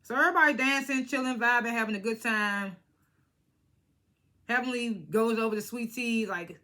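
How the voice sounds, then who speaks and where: A young woman with a bright, forceful voice that sits a little high for her, chatting through a reality TV recap. She talks in an animated, slangy way and acts out the cast's lines as she goes. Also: a little fast. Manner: animated, laughing, slangy retelling with acted-out quotes. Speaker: reality TV reviewer. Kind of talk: casual vlog recap.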